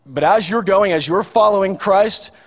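Folksy male preacher, high voice, echoing hall. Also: normal speed. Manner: folksy, chatty preaching with frequent ums and restarts. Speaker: pastor. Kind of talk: sermon. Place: church hall. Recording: long hall reverb.

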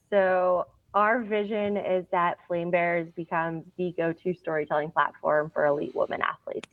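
Interview guest: woman, low voice, earnest storyteller, tinny phone-like sound, dry. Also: no room sound. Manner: earnest storyteller, uses fillers. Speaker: guest, founder of a storytelling platform. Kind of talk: casual interview talk.

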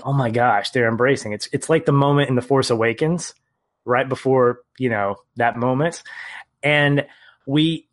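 Earnest man recapping a film scene. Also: mid-range voice. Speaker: podcast co-host. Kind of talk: casual film discussion.

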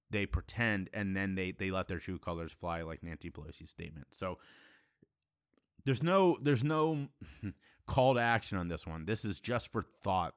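A man's voice: low voice, fairly bright tone, clear, resonant tone, dry recording, clean studio sound. A man delivering a heated, blunt solo monologue as a podcast host, swearing freely and breaking off to restart his sentences. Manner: impassioned, blunt, profane, halting restarts.

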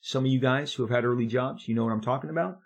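Husky-voiced man telling a story. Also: mid-range voice, very fast. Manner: animated, many restarts, confiding. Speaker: comic book artist. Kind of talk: storytelling monologue.

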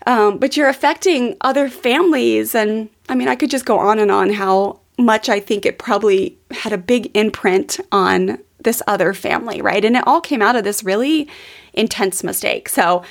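A woman's voice: medium pitch, vocal fry. A woman in her thirties hosting a podcast, telling a heartfelt personal story in an earnest way, with plenty of "um" and "like.". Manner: earnest, warm-hearted, with frequent fillers like "um" and "like". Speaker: podcast host.

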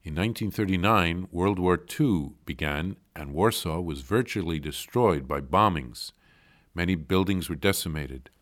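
A male priest reading a devotional diary aloud with brief commentary, slow, measured and reverent, with small slips. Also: low voice, a bit bright. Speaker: Catholic priest.

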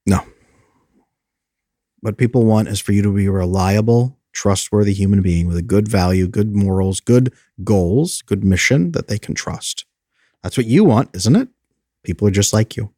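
A man's voice: on the low side, normal speed, warm tone, dry recording, clean studio sound. A man who is an attachment specialist, explaining in an earnest, coaching way and briefly mimicking anxious inner voices.

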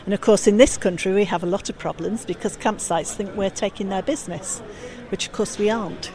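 A woman's voice: medium pitch, a little mellow. A woman speaking for a campaign group, answering interview questions firmly and setting the record straight, recorded outdoors. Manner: firm, quick to correct.

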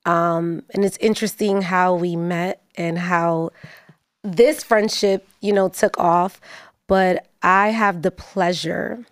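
A woman's voice: fairly low pitch, no echo, clean studio sound. A woman hosting a podcast, talking in a chatty, effusive way with plenty of ums and likes. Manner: effusive, chatty, filler-heavy. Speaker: podcast host. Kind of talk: casual chat.

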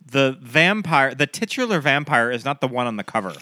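Podcast co-host, male, bright tense tone, playful, dry close mic. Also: mid-range voice, big pitch swings, no echo. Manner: quick interjections, playful asides. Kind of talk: casual movie podcast chat.

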